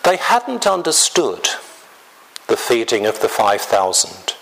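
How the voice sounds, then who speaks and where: A man preaching a sermon in a slow, deliberate way, often clearing his throat. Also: on the low side, huge pitch swings, fairly bright tone, poor audio.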